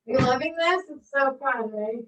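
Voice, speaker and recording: In a live online cooking lesson, a woman working as a recreation therapy cooking instructor talks students through every step, upbeat, encouraging, and quick to laugh. Her high-pitched voice moves at normal speed and is a bit bright, though the distant recording has poor audio.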